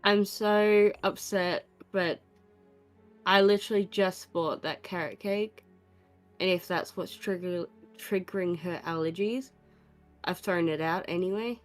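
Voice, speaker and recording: A woman with a fairly low voice chats casually with her gaming friends. She rambles through a story, leaning on fillers as she goes. Soft music plays behind her. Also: measured pace. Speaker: tabletop game player. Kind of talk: casual chat before a game.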